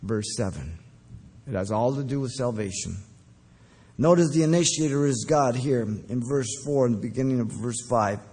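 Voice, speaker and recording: Male pastor, mid-pitch, emphatic expository preaching, teaching pace with ums. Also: expressive, darkish tone, husky. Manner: emphatic, deliberate, with fillers. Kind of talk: verse-by-verse Bible teaching.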